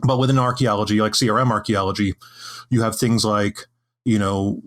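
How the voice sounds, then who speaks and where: Guy on a podcast, lowish voice, stops and restarts a lot, thinking out loud. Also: little pitch movement, fairly quick. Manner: hesitant, many restarts and fillers. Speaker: podcast panelist. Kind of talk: casual podcast discussion.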